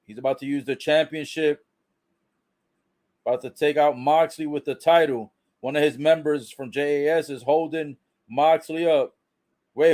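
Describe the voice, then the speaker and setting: His voice sits fairly high as he calls a wrestling broadcast in real time, full of excited outbursts and frequent profanity.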